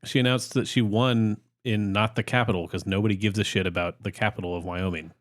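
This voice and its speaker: A man's voice: on the low side, steady tone, brisk, no room sound. A young adult man co-hosting a podcast in casual chat, with a wry, dry sense of humor. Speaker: podcast co-host.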